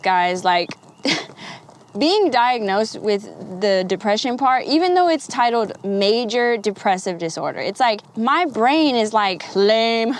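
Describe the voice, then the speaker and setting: A young woman vlogging straight to camera, talking candidly and rambling, swearing freely and laughing often. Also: fairly high pitch. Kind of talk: candid casual talk to camera.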